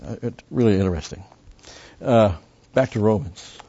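A man's voice: fairly low pitch, moderate pace. A man preaching a sermon, teaching through scripture and leaning hard on key words to stress them. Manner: emphatic, surges louder on key words; teaching, with fillers and restarts. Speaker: pastor. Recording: dull, lo-fi recording.

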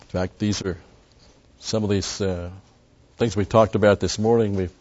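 A man's voice: fairly low pitch, fairly even intonation, normal speed. A man preaching a sermon, teaching through scripture and leaning hard on key words to stress them. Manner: emphatic, surges louder on key words; teaching, with fillers and restarts. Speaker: pastor. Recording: dull, lo-fi recording.

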